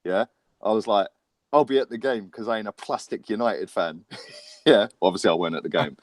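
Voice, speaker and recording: A man telling a lively story in casual football chat, laughing often. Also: on the low side, fairly quick, no room sound. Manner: animated storytelling with laughs and slang. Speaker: football podcast host.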